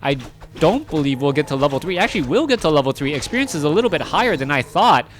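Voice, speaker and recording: A man's voice: fairly high pitch, fast talker, a little hiss or hum. A man doing solo play-by-play commentary on a strategy game, chatty and correcting himself as he goes. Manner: chatty, self-correcting, rising excitement in big moments. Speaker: esports caster.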